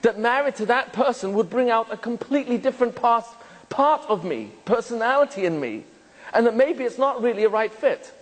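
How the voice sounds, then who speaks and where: A rabbi giving a lecture to an audience, asking them many questions and joking with the room. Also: male voice, very high-pitched, animated, fairly quick, in a large hall, poor audio. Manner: jokes and laughs with the room.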